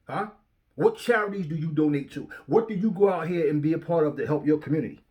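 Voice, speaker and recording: A man's voice: on the high side, fast talker, a little mellow. Profane, fired-up man ranting at home. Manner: profane, combative, mocking commenters, repeats words when worked up. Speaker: boxing commentary channel host. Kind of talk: heated rant to camera. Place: his home.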